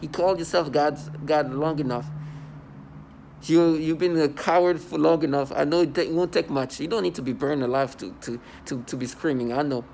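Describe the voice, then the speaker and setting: A man's voice: on the high side, fairly quick, creaky, a little mellow, slight background noise. A man in an angry personal monologue to camera at home, defiant and scornful, often repeating and restarting his words. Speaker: vlogger. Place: at home indoors.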